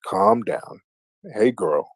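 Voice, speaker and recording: A man's voice: lowish voice, expressive, extremely slow, slightly rough, no room sound. A man hosting a late-night livestream call-in show, teasing and taunting his callers in a mocking sing-song way. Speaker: livestream host. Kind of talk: casual call-in banter.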